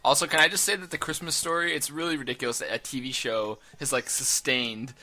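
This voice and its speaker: A man co-hosting a casual chat, animated and quick to laugh. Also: mid-range voice. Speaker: podcast co-host.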